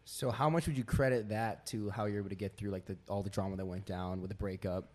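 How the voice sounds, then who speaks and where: A man's voice: on the low side, steady tone, fast, darkish tone. A man hosting a casual podcast interview, asking easygoing follow-up questions and agreeing along. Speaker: podcast host.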